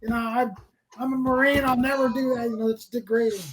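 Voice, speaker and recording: A man's voice: extremely high pitch, level tone, brisk, very noisy, voice pushed up. A man putting on the voice of a feisty, stubborn old male Marine veteran who barks defiantly. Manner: gruff, defiant barking.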